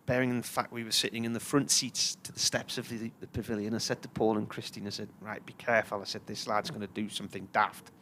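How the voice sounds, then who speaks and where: A man's voice: on the low side, flat delivery, fast talker, hardly any pauses, pushed and bright, slight background noise. A man, commentating on live cricket and telling a long, chatty anecdote. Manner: chatty storyteller, puts on voices for characters in his tales.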